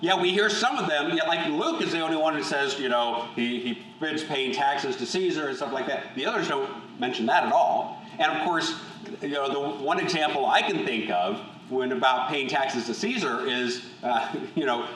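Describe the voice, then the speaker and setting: A man leading a Bible study group, reading scripture aloud and then talking it through in a measured, thoughtful way with frequent restarts. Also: fairly high pitch, fairly bright tone, recorded from a distance. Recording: echoey room, voice from off-mic, faint hum.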